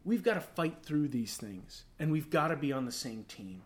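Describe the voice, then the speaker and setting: Male pastor, high voice, animated storytelling sermon, acts out his own rants. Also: normal speed.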